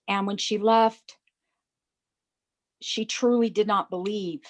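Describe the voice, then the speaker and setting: A woman's voice: medium pitch, fairly even intonation, takes it slowly. A woman earnestly recounting a personal experience as a program client, acting out the dialogue as she tells it. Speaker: program client giving a testimonial. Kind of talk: emotional personal story.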